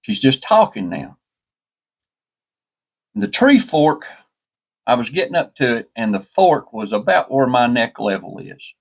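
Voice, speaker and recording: A man's voice: mid-range voice, sing-song, unhurried, gravelly, long pauses, slightly rough. A man telling a story in a folksy, rambling way, often restarting with "and, and". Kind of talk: casual spoken storytelling.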